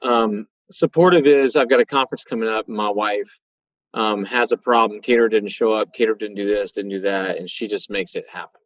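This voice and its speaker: A man, telling stories in a folksy, animated way as a guest in a conversation. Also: lowish voice, brisk, no room sound. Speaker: guest, auto repair shop owner. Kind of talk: conversational interview storytelling. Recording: dry, muffled sound.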